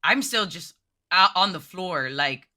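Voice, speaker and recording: Unhurried and lowish in voice, the woman appears as a guest on a podcast to talk about her miniature painting. Casual and emotional, she gets excited easily and fills her speech with "like."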